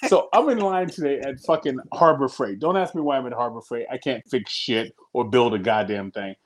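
A man's voice: medium pitch, a little fast. A man from the US Northeast co-hosting a podcast, telling stories with jokes and lots of swearing. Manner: profane, joking storytelling. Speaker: podcast co-host. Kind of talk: casual chat.

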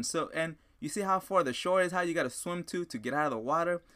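Excitable man telling a story. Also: on the high side, fast talker, hardly any pauses. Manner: animated, excitable, repeats himself, addresses listeners as guys. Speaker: podcast host. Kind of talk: motivational storytelling monologue.

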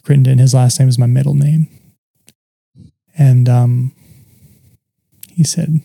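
A man sharing a painful personal story in conversation, halting and reflective, with many pauses and fillers. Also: medium pitch, steady tone, vocal fry, warm tone. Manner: earnest and open about painful memories.

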